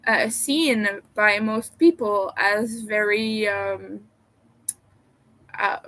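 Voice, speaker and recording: Slow, hesitant Quebec-accented woman. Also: mid-range voice, a bit bright. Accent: Quebec French. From Quebec, Canada. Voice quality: meandering, hesitant delivery full of fillers. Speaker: livestreamer. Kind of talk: casual live-stream chat.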